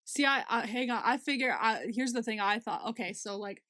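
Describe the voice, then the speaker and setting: A young woman co-hosts a podcast in loose, casual chat, her voice sitting a little high. She laughs often and restarts her sentences as she thinks aloud. The sound is dry and close, with no room around it. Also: fairly quick, a bit bright, dry recording. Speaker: podcast co-host.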